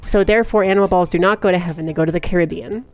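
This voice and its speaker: A young woman livestreamer in casual chat, giggly and excitable, rambling chaotically to her viewers. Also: fairly low pitch, very fast, faint music behind. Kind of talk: casual live-stream chat.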